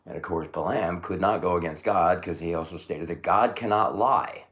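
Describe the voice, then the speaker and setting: A man delivering a rambling religious monologue. He swings from shouting to muttering and corrects himself as he tells the story. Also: deep voice, moderate pace.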